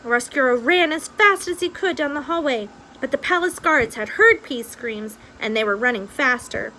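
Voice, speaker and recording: A woman's voice: high voice, animated, moderate pace, pushed and bright, slight background noise, poor audio. A woman reading a children's novel aloud with expression, after a casual recap. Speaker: reader.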